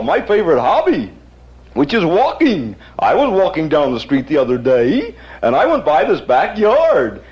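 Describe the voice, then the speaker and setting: Quick Draw McGraw, a proud cowboy horse. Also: male voice, on the high side, a little mellow. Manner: slow drawling Western twang, dim but proud. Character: slow-witted cowboy cartoon horse, proud gunslinger. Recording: dull lo-fi archive recording.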